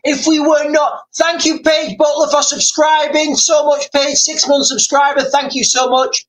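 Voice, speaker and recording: A man's voice: very high voice, little pitch movement, a bit bright, poor audio. A man hosting a livestream, ranting and rambling with emphatic repetition. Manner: rambling, fast and emphatic, repeating himself. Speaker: livestream host.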